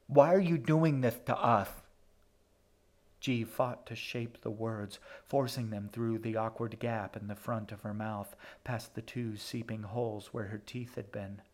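A man narrating an audiobook in a steady, measured way. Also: fairly low pitch.

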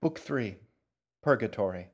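A man with a fairly low voice reads a novel aloud. His storytelling is measured and even, with a steady, deliberate pace. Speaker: narrator. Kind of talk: audiobook narration.

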